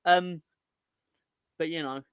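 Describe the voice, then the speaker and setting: A man's voice: fairly high pitch, fairly even intonation, slow, smooth. A man co-hosting a football chat, amused and wry, with casual swearing. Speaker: co-host.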